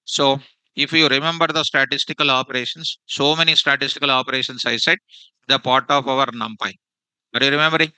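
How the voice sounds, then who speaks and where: A man leads a classroom lesson, constantly repeating himself and tossing "what?" questions at his students. His voice is sharply bright and clean-edged. The sound is dry and close. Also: medium pitch, steady tone, brisk, clear, resonant tone, no echo, low-quality recording. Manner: repeats phrases and quizzes students with "what?" prompts. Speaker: programming teacher. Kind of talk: live classroom lecture.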